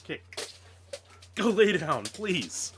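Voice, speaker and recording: A man's voice: high voice, sing-song, slow, a bit bright, a little hiss or hum. A man casually chatting on a live stream, greeting viewers and playing with his dog, laughing often. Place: home.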